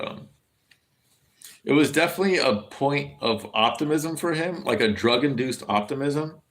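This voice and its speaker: An American man giving casual livestream commentary in a rambling, profane way, often restarting his sentences. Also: mid-range voice. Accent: General American.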